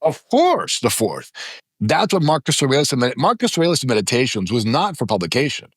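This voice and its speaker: Guest voice: man in his fifties, lively pitch, dry close studio sound, emphatic storyteller. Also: brisk, husky, no echo. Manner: emphatic, dramatizes stories with quoted voices. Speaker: podcast guest. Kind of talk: animated storytelling in conversation. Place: podcast studio.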